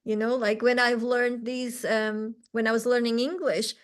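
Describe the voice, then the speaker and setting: A woman's voice: a little high, fairly even intonation, normal speed, clean tone. A woman, teaching a language class over a video call, patient and encouraging, often checking in with "okay?". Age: 40s. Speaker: Portuguese teacher.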